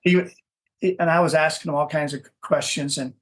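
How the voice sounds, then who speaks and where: A man's voice: a little high, fairly even intonation, a little fast, a bit bright. A man from Minnesota, a dog breeder, telling stories in a casual interview, rambling and repeating words as he searches for what to say.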